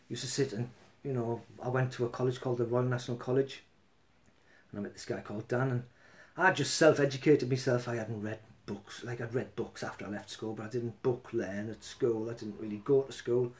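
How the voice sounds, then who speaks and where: A man, a musician, talking in a rambling, chatty way with quick asides. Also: medium pitch, fairly even intonation, a little mellow. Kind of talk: casual chat and singing with guitar.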